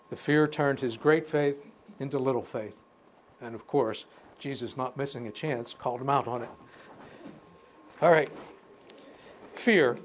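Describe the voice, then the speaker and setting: A man leads a casual Bible lesson at an ordinary pitch. He reads scripture and breaks off to add his own remarks. He talks like he is chatting with a small group and often restarts his phrases. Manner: conversational, pauses to comment between verses, restarts phrases. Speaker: Bible teacher. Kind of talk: informal Bible study talk with scripture reading.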